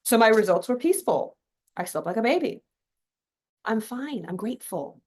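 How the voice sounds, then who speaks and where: A woman's voice: a little high, very animated, normal speed, a little mellow. A woman from California hosting a podcast, telling a story in a casual, chatty motivational talk full of fillers and asides. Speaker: podcast host.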